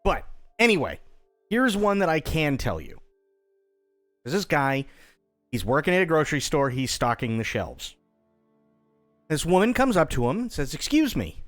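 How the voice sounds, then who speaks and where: Lively young man on a livestream. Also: fairly high pitch, normal speed, long pauses, soft background music. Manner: playful, laughs often, restarts sentences. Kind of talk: casual stream chat, joke telling.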